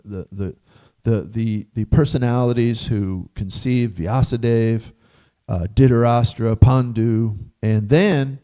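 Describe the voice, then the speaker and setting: A man's voice: mid-range voice, mellow. A man giving a casual scripture class in a temple hall, chatty and laughing often as he quizzes his listeners.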